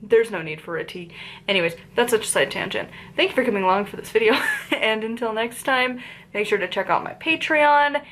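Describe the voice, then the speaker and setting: A woman's voice: fairly high pitch, fairly quick, fairly bright tone, a little hiss or hum. A woman with an Appalachian accent, chatting casually and rambling a bit as she reviews a book on her channel. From Appalachian region of the United States. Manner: chatty and rambling, with frequent fillers and tangents.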